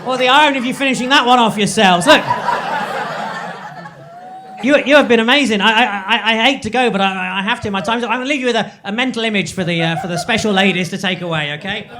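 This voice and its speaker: A male stand-up comic with a very high voice, delivering short deadpan one-liners. The club recording is noisy, with laughter behind him. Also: quick pace. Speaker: stand-up comedian. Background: audience laughter.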